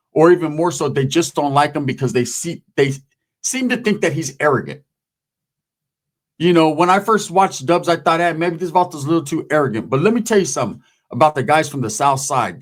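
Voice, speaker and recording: Middle-aged male commentator, street slang, slightly high voice, loose monologue. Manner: street slang, repeats "man" and "right?". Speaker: YouTube commentator.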